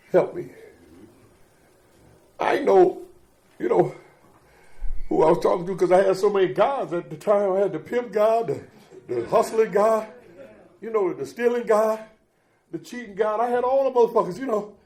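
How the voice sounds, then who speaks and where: A man's voice: sits high, moderate pace, long pauses, a little mellow. A middle-aged man giving a raw, profane recovery testimony as guest speaker, telling his story and calling out to the crowd.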